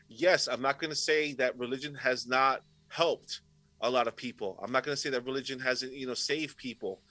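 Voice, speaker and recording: A man's voice: mid-range voice, a little fast, no echo, low-quality recording. A man guesting on a podcast, telling stories in casual chat with constant swearing. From Puerto Rico heritage, raised in Rhode Island area. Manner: swears constantly, animated storytelling.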